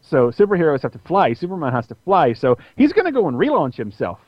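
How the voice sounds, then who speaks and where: A fast-talking man co-hosting a comics review podcast casually retells a comic, restarting often and using lots of fillers. He animates the story with squeaky voices for the characters, and the dry, dull lo-fi audio has no echo.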